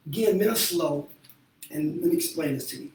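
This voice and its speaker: A man's voice: on the high side, a little fast, a little mellow. Blunt, profane man in an echoey room. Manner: blunt, profane, laughing often. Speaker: show host and therapist. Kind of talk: candid casual talk. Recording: echoey room from far off with faint noise.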